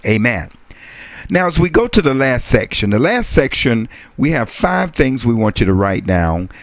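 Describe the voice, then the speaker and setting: A man preaching a sermon, repeating key phrases and rising to emphatic high exclamations. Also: big pitch swings, moderate pace, dry recording.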